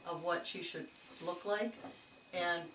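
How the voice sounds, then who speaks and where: A woman telling a chatty, animated story indoors in an old jail, laughing easily. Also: lowish voice, slow pace. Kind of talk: casual storytelling to investigators. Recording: echoey, distant, noisy camcorder audio.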